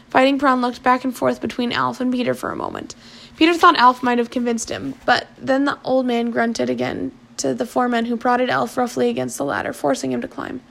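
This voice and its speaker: High, gravelly-voiced woman reading a novel. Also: fairly quick. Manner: plain, steady reading with small slips and restarts. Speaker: narrator.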